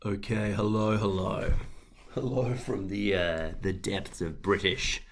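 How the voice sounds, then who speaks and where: A man with an Australian accent giving an energetic webinar presentation, stressing key points through repetition. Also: fairly low pitch, slow pace, a little hiss or hum. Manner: energetic, emphatic, repeats key phrases. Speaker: guest speaker.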